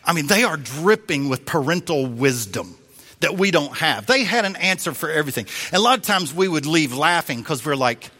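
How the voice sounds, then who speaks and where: A man preaching a sermon as a pastor, telling a story in an animated way and acting out the voices he quotes. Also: a little high, normal speed, slightly rough. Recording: long reverb of a large hall.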